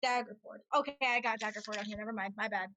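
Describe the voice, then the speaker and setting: A young woman player at a tabletop game, thinking aloud in relaxed casual chat. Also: medium pitch, fast talker, low-quality recording.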